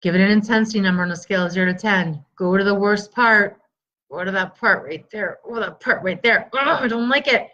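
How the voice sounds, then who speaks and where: A middle-aged woman coaching viewers on a live stream, energetic and encouraging, greeting people by name. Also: medium pitch, a little fast, highs cut off. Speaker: stress relief coach.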